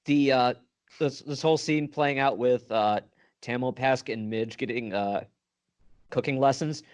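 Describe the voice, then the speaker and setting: A man co-hosting a relaxed book podcast at an ordinary mid-range pitch. He hesitates and fills his pauses with fillers. He drops dry, wry comparisons into the chat. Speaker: podcast co-host. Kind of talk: casual book discussion chat.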